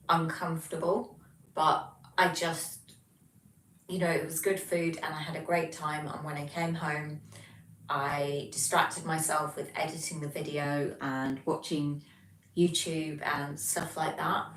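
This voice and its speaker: Speaking in a low voice, a young English woman chats through a laid-back livestream and reads out comments from viewers, peppering her talk with ums. The phone mic sits at a distance in an echoey room, picking up a little hiss or hum.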